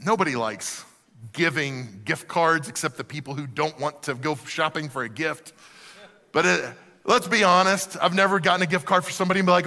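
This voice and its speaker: A male pastor preaching a sermon in a church, animated and shifting down to soft emphasis. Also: on the high side, a little fast. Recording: reverberant hall.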